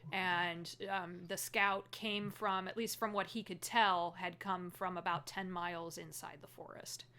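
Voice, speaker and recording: A woman's voice: fairly low pitch, fairly even intonation, a little slow, pushed and bright. A woman running a tabletop role-playing game as game master, narrating with frequent fillers and laughs. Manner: laughs often, hesitant fillers.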